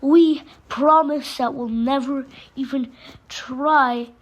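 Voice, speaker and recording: Woman voicing a broken man begging quietly. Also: high voice, fairly even intonation, slow pace, slight background noise. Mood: defeated. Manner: quiet, shaky, on the verge of tears.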